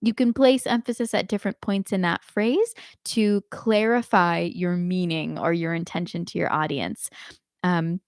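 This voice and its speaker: A woman giving a live online singing lesson, explaining clearly and demonstrating phrases by speaking and singing them. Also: on the low side, fairly even intonation, a little slow, dry recording, clean studio sound. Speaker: singing teacher.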